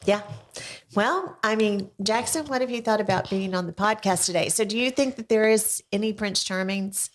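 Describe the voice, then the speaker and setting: An older woman hosts a casual podcast chat from a small studio. Her voice sits at a middle pitch, and she keeps prompting her young guest with slow, encouraging questions. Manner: coaxing, slow questions that prompt a child to answer. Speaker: podcast host interviewing her grandson.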